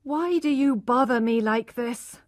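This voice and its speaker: A woman's voice: high-pitched, sing-song, measured pace, darkish tone, dry recording, clean studio sound, pitched above the performer's own voice. A woman voicing an earnest young married farm woman who answers firmly and pleads to be left alone.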